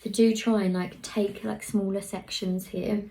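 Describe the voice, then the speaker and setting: A young woman talks through a hair tutorial in a chatty, easygoing way. She mutters asides under her breath as she works. Her voice has a gravelly, creaky texture. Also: mid-range voice, flat delivery, a little slow, mellow. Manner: chatty, talks while working, drops into murmurs. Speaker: hairstylist vlogger.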